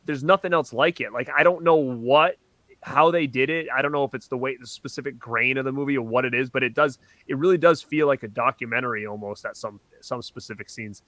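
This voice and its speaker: A man co-hosting a casual horror movie talk show, chatty and quick to laugh as he reads viewer comments. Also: mid-range voice, sharp tone, dry recording. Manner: laughs often, loose and chatty, many fillers. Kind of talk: casual chat reviewing a ranked list.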